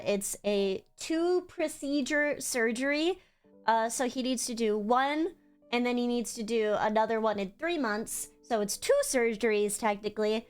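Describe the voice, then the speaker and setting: A woman's voice: a little high, clean tone. A young woman streamer telling a story in casual, rambling livestream chat, emotional and swearing freely. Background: faint music.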